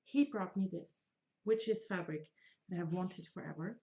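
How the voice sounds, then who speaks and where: A woman's voice: on the low side, moderate pace, a little mellow. A woman in her thirties hosting a casual craft podcast, talking with chatty enthusiasm and joking about herself. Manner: chatty, enthusiastic, self-deprecating jokes. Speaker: podcast host. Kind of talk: casual chat.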